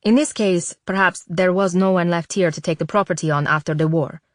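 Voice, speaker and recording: A woman narrator voicing a patient, reassuring woman who guides a visitor through family history, in a calm, gently persuasive tone. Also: fairly low pitch, brisk, dry recording, clean studio sound, lightly acted.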